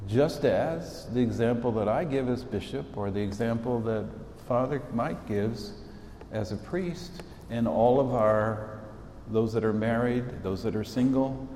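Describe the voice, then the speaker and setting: A bishop in his sixties speaks to students in a relaxed, folksy storytelling manner. His voice is dark and mellow, with a lot of roomy echo and a long hall reverb behind it. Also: mid-range voice, unhurried, slight background noise. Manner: folksy storytelling, warm asides. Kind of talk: informal address to students. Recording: echoey hall, long reverb, faint ambience.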